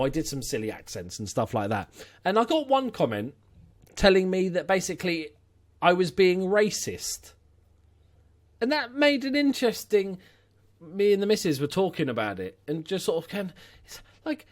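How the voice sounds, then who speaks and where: A young man casually commentating his game, chatty and opinionated with rambling asides. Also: a little high. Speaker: gaming YouTuber. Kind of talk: let's-play commentary.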